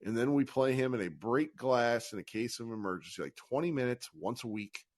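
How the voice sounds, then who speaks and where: A man with a mid-range, fairly quick voice hosts a live call-in podcast through a live audio app. He's animated, joking, laughing, and swearing as he runs the caller queue and brings people on. The sound is studio quality with no echo.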